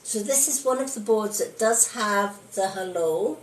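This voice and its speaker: A woman's voice: mid-range voice, unhurried, roomy sound, rough recording. A woman demonstrating on a live stream, speaking earnestly with many fillers. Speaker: spiritualist hosting a live stream. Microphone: phone.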